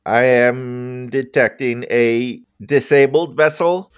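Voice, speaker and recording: A man voicing a calm male ship AI computer that makes flat, formal announcements. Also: mid-range voice, slow, clean tone, no echo, clean studio sound, natural voice.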